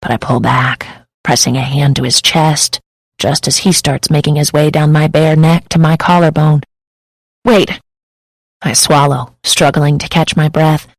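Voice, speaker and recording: Woman narrator for a first-person romance audiobook, intimate and emotive, gravelly texture, dry close studio sound. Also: sits low, fairly even intonation, normal speed, no echo, poor audio.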